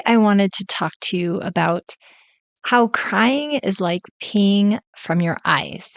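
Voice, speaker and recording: A woman's voice: medium pitch, no echo. A woman in her forties hosting a solo podcast as a life coach, talking in a chatty, conversational way. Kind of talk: casual solo podcast talk.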